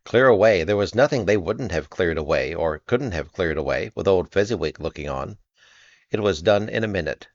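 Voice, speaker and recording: A man reads a classic tale aloud in a very low voice, paced and expressive. The recording is dull with no room echo at all. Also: vocal fry. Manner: measured, expressive storytelling. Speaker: narrator. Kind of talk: audiobook reading.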